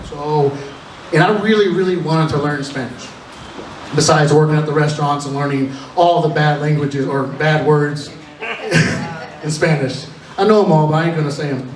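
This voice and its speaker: A nervous young man, the opening comedian at a live comedy show, tells self-deprecating stories in a chatty way, restarting often. His voice is on the high side at a moderate pace, picked up from far away in an echoey room.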